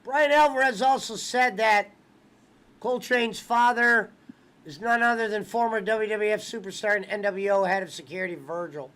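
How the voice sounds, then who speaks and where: A man hosting a wrestling watch-along, chatting casually and excitably, swearing often and acting out movie scenes as he talks. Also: sits high, normal speed, clean tone. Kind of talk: casual profane chat.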